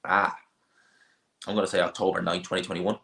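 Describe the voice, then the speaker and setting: Brief: male stream host, fairly low voice, blunt, rambling, opinionated. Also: level tone, fairly quick, vocal fry, bright, forceful tone. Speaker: boxing channel host. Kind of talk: casual live stream chat.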